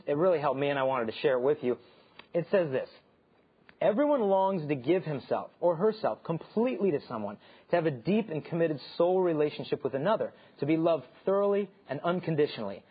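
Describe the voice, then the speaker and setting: A man in his thirties, hosting an inspirational talk show, telling lively stories and acting out the voices in them. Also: on the high side, a little fast, husky. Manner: animated storyteller acting out quoted voices. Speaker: host and speaker. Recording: dull lo-fi sound.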